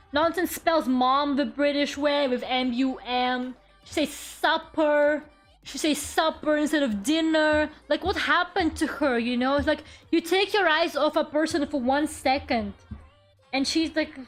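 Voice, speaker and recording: Speaking high-pitched at a measured pace, with faint music behind, a woman streams from her own room. It's casual chat: she rambles, addresses her viewers, and drops the occasional swear word.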